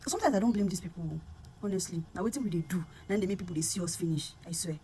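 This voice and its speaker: A young woman with a Nigerian accent pours out an aggrieved vlog to camera. Her voice is husky and her speech rushes along quickly. She drops into Pidgin now and then and repeats herself as she presses her point. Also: mellow. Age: young adult. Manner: earnest and aggrieved, repeats words and rises in pitch when heated, mixes in Pidgin. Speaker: vlogger. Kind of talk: impassioned direct-to-camera rant.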